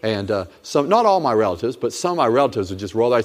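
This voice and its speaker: A man's voice: mid-range voice, huge pitch swings, fast talker, hardly any pauses. A middle-aged man preaching a sermon as pastor, emphatic and repetitive, exhorting his congregation. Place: church sanctuary. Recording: long reverb of a church hall.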